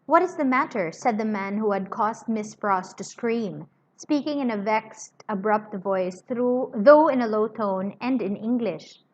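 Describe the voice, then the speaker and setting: A woman's voice: mid-range voice, unhurried, a little mellow. Chatty woman teacher reading to a class. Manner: chatty, with fillers and reminders. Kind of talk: reading a novel aloud to a class. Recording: dull lo-fi recording.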